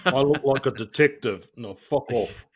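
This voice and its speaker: A man's voice: mid-range voice, moderate pace. A man co-hosting a casual podcast, teasing the others and singing little jingles. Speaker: podcast co-host. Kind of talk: casual chat.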